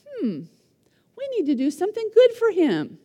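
An eager, commanding king, as a woman storyteller puts him on for a lesson. The voice is high and animated, with a mellow tone. It rings out into a long hall reverb. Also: normal speed, full character voice. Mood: puzzled. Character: eager commanding Persian king, adult man.

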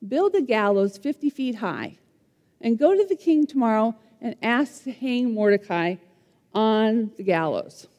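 A scheming courtier's wife, as a woman storyteller voices her, advising in a matter-of-fact way. The voice is high and mellow and carries a long hall reverb. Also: expressive, unhurried, lo-fi sound.

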